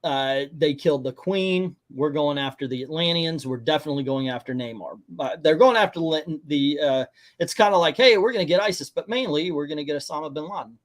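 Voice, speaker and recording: Guy doing a movie review, kinda high voice, sarcastic, does silly mocking voices. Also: a little fast. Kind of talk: casual movie review chat.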